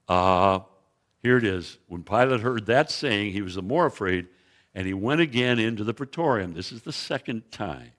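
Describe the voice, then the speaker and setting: A man preaching as a guest Bible teacher, retelling scripture vividly in a church sanctuary, often restarting his phrases and pointing to slides. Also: fairly low pitch. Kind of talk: sermon with biblical storytelling.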